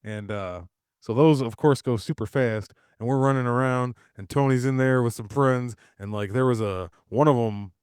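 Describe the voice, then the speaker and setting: A man's voice: medium pitch, normal speed, darkish tone, clear, resonant tone, no echo, clean studio sound. Laid-back man telling a rambling, swearing story. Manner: rambling storyteller, swears freely, laughs mid-sentence. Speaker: podcast co-host. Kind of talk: casual chat.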